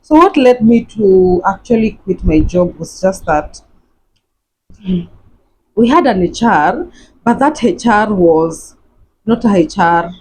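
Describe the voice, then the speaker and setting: A chatty young woman from Kenya talks straight to her followers as she gets ready at home. Her voice sits at an ordinary pitch, and she rambles and repeats herself like she's catching up with friends. A faint hum of background noise runs under the recording. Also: animated, takes it slowly, long pauses, a little mellow, low-quality recording. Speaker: vlogger. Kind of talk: casual chatty vlog.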